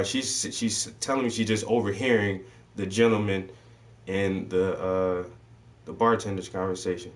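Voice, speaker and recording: A man's voice: deep voice, steady tone, moderate pace, recorded from a distance. A man hosting a casual chat, telling stories loosely with lots of swearing and slang. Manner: loose, swearing storyteller voicing people in his stories. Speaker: host.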